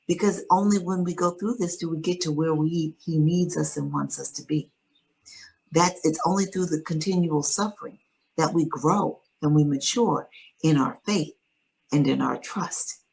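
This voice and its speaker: Woman, deep voice, earnest, reflective, interview guest. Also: steady tone, moderate pace, gravelly, a little mellow, rough recording. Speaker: guest author. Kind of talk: personal storytelling in an interview.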